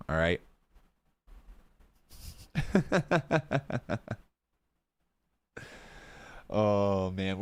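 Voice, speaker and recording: Speaking a little slowly at medium pitch and pausing often, a young man hosts a live watch-along. His casual commentary is excitable and full of laughter, with viewers addressed as "guys" and "bro".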